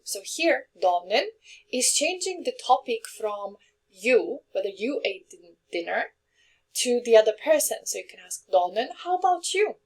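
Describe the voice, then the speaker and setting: A woman's voice: fairly high pitch, sing-song. A woman teaching a language lesson, explaining grammar patiently with example sentences and checking in with her listeners. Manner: clear, patient, checks in with "okay?" and "yeah?"; reads example sentences quickly, translates slowly.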